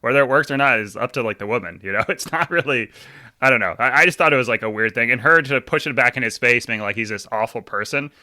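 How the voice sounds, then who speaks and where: A man's voice: mid-range voice, fast talker, pushed and bright, dry recording, clean studio sound. A man co-hosting a casual movie podcast, chatty and playful, often laughing and ribbing his friend. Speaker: podcast co-host. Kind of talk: casual movie review chat.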